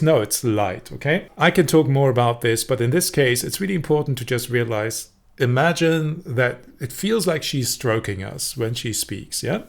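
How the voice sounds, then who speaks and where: A man's voice: medium pitch, expressive, normal speed, gravelly, few pauses. Man coaching while analyzing a clip. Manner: explanatory, conversational, demonstrates voices. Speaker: presentation coach. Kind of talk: video analysis commentary.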